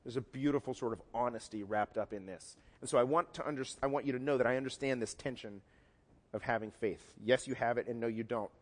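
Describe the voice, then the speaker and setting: A man's voice: medium pitch, quick pace. A man preaching a sermon, talking conversationally and acting out quoted lines in different voices. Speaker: pastor. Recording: long hall reverb.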